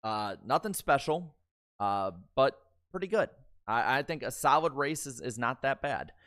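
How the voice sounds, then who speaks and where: A man's voice: medium pitch, animated, measured pace, fairly bright tone. A man hosting a casual post-race livestream, talking in an easygoing, rambling way with lots of fillers. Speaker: livestream host.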